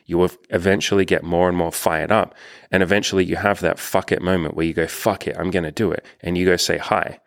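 A man's voice: low-pitched, fairly even intonation, fast, creaky, no room sound, clean studio sound. A young man coaching on dating, talking in a rambling, self-deprecating way and swearing freely. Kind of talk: casual coaching monologue.

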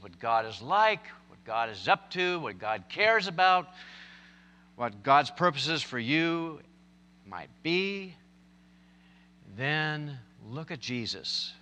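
A man's voice: a little high, big pitch swings, slow pace, pushed and bright, in a large hall. A man preaching a sermon, telling stories and building to emphatic, impassioned points. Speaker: pastor.

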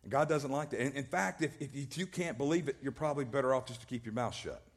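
A man's voice: mid-range voice, quick pace. A male pastor preaching a sermon, emphatic and repetitive, often restarting his words. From American South.

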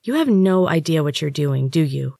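Woman doing a secretive servant girl, talks fast and low, dry close sound. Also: animated, vocal fry, no room sound, full character voice. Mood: urgent. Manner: hushed and hurried. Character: young female servant, secretive, urgent, warning.

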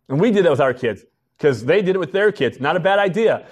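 A man's voice: high-pitched, expressive, fast. Man preaching in a conversational way. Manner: conversational preaching, acting out quotes of parents and kids. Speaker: pastor. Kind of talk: sermon.

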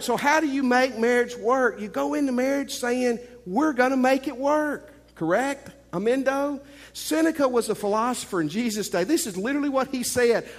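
Joking preacher man in a reverberant hall. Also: extremely high pitch. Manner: joking, emphatic preacher with playful asides. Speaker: pastor. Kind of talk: sermon.

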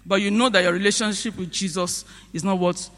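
A man's voice: sits high, steady tone, a little fast, fairly bright tone. A man preaching a sermon, retelling a story with rhetorical questions and sudden rises in emphasis. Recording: long reverb of a large hall.

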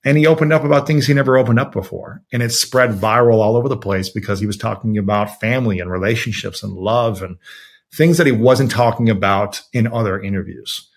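A man from Ohio telling a story in a relaxed interview, acting out quotes with lots of fillers. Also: lowish voice, a little fast. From Ohio, USA. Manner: animated, quotes himself and others with many fillers. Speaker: podcast host as guest. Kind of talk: conversational storytelling.

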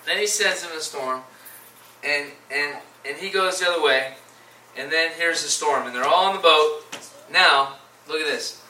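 Male lay preacher, fairly high voice, casual scripture retelling; echoey, distant room sound with faint background hum. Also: normal speed. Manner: reads scripture then retells it in casual, animated paraphrase. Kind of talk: informal Bible teaching.

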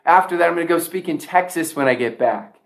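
A man's voice: on the high side, lively intonation, fast, creaky. A man giving a motivational speech to a sales audience, emphatic, often repeating key lines for effect. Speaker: motivational speaker.

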